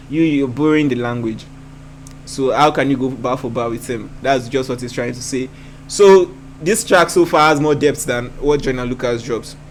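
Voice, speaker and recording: A man's voice: medium pitch, a little hiss or hum. A man hosting a reaction video, breaking down rap lyrics in a thoughtful way and often repeating himself as he thinks aloud.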